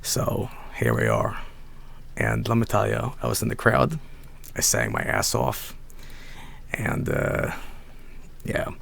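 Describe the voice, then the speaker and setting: Young male streamer, hoarse and low, slow rambling chat full of fillers. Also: big pitch swings, fairly bright tone. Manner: rambling, laid-back, many fillers.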